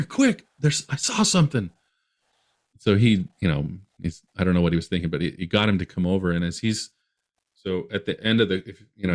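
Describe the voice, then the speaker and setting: A man from Utah, a podcast guest, telling a long story in a rambling way with many restarts. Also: deep voice.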